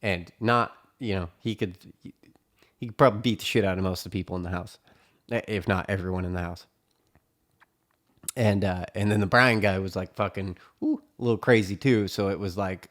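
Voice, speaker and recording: A man's voice: low voice, steady tone, normal speed. A man telling a story from his younger years in a casual, rambling, profane way, full of fillers.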